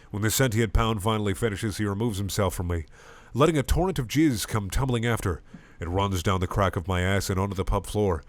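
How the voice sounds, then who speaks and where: A man reading a comedic parody story aloud with lively comic narration. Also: low-pitched, no echo. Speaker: reader.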